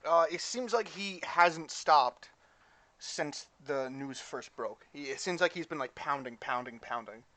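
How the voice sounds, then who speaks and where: A man running a tabletop game as game master, narrating in a casual, halting way. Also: fairly high pitch, expressive, pushed and bright.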